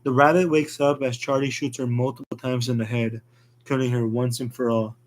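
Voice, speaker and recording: A man's voice: medium pitch, little pitch movement, fairly quick. Man narrating a fan story plainly.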